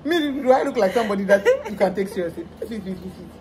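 Brief: young woman, lively vlog chat, faint noise behind. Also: medium pitch, fast talker. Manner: animated, exclaiming, mock-exasperated. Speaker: vlogger. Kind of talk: casual chat.

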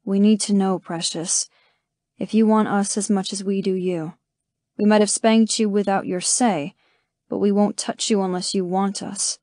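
A woman reading an audiobook, voicing an eager, teasing cowboy in a lowered, playful tone. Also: steady tone, moderate pace, darkish tone, no room sound, studio quality, natural voice. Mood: earnest.

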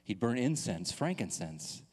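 A man's voice: fairly low pitch, a little slow, breathy edge. A male pastor in his thirties telling a personal story in a sermon, acting out the voices in the dialogue. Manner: animated storytelling, acts out dialogue. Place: church hall. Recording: long hall reverb.

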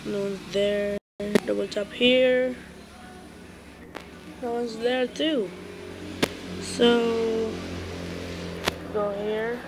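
A woman's voice: a little high, steady tone, extremely slow, long pauses, background noise. A woman giving casual let's-play commentary on a horror game, jittery and swearing often, repeating her exclamations. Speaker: gamer playing a horror game.

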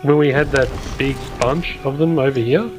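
A man joins in the game chat with dry, teasing remarks. His voice is mid-pitched and plain, with faint music beneath it. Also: moderate pace. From lives in Australia. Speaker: co-player. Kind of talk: casual chat.

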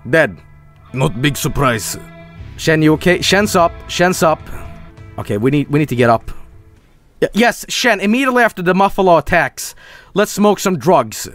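A young man streaming a game, swearing and sarcastic, swinging between yelling and low mumbles.

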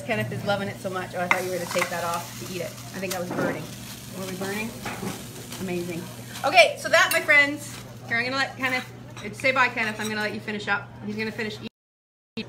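A woman's voice: fairly high pitch, sharp tone. A woman hosting a casual cooking video, talking to the camera in a bubbly, playful, chatty way while she cooks in a kitchen. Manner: bubbly, playful and chatty, with sing-song asides. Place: kitchen at a retreat center. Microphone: handheld camera or phone. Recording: noisy ambient background.

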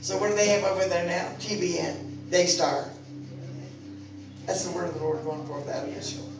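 A woman preaching a sermon in a fervent, exhorting manner, rising at times to loud calls to her listeners. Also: fairly low pitch, moderate pace, background noise. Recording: very echoey room, mic far off, music behind.

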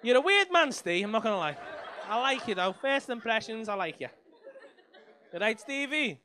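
A young man works the crowd at a comedy club, swearing freely and teasing people in the front rows. His voice sits high and sounds bright and sharp. His pitch swings widely from line to line. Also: very animated, normal speed, slight background noise. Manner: sweary, teasing banter with the audience. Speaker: stand-up comedian. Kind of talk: crowd work stand-up.

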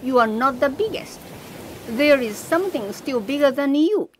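A woman's voice: high voice, expressive, normal speed, slight background noise. A woman doing a boastful little shrimp. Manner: boastful, then indignant.

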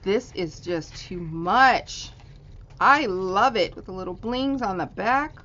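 A woman's voice: medium pitch, animated, slow pace, sharp tone. A woman hosting a crafting channel, gushing in casual show-and-tell as she unboxes handmade cards. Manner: gushing, exclaims and swoops up in delight. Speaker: crafting channel host unboxing a card swap. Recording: dull lo-fi sound with faint hiss.

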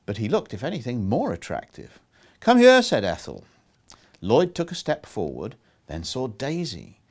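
A man reading aloud from his own novel with expression, lifting his pitch sharply for the characters' lines. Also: wildly swooping pitch, moderate pace, slightly rough. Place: historic underground rooms.

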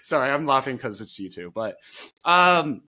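A young man hosting a casual podcast chat, relaxed, with many fillers and laughs between thoughts. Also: mid-range voice, moderate pace. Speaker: podcast host.

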